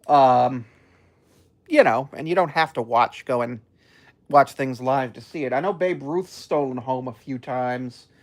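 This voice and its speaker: A young man chatting casually on a live stream, rambling and laid-back, with frequent ums and soft chuckles. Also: mid-range voice, unhurried.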